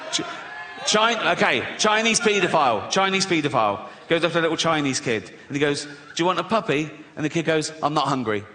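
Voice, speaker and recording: A man with an English accent doing a stand-up routine, chatty, teasing the crowd and laughing at his own jokes. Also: high-pitched. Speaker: stand-up comedian. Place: large concert hall on stage. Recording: echoey hall, live audience noise.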